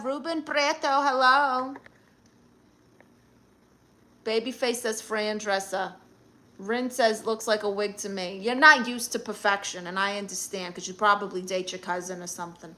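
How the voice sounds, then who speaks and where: A woman's voice: mid-range voice, fairly bright tone. A woman with a Brooklyn accent hosting a live stream, reading viewer comments aloud and answering them in a sassy, brash way. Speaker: livestream host.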